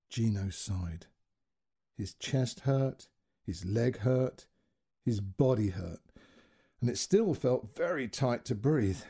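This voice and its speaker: A man reading a short story aloud as a storyteller, with dramatic, expressive delivery. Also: mid-range voice, vocal fry, slightly rough.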